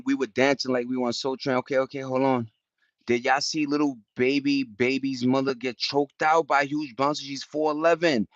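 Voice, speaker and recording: A middle-aged man, telling stories in casual chat, slangy and animated, jumping into high-pitched impressions. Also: dry recording, highs cut off. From New York.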